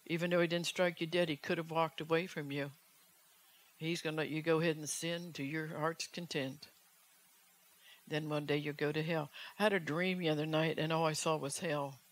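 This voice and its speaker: A woman's voice: low-pitched, steady tone, moderate pace. A woman evangelist preaching a fervent sermon, urgent in tone and pressing the listeners with rhetorical questions.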